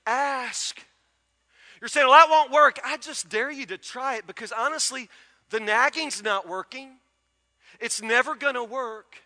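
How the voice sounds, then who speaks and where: Pastor, a man, folksy and emphatic in his sermon; very high-pitched voice, echoing through a big hall. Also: sharp tone. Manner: folksy storytelling preacher, emphatic repetition. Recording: long reverb of a large hall.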